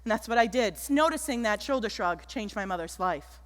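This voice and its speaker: A woman giving an animated keynote talk on stage, telling stories and acting out the people in them. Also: medium pitch, a little fast. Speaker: keynote speaker. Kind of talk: motivational stage talk with storytelling. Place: large auditorium stage. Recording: echoey auditorium.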